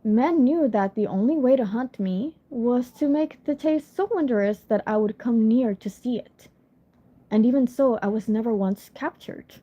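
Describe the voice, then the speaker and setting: A proud, ageless female unicorn, as a woman reading aloud puts her on speaks with cool, dignified scorn. The voice sits a little high and has a mellow, soft tone. It comes through a dull, lo-fi phone recording. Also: unhurried.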